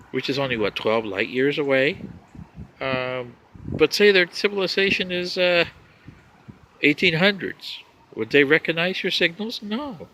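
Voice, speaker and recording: Man, rambling monologue, lecturing, scoffing, bright, sharp-edged voice. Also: fairly high pitch. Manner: lecturing, animated, with scoffing asides. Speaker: vlogger. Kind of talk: rambling monologue addressing humans as an outsider.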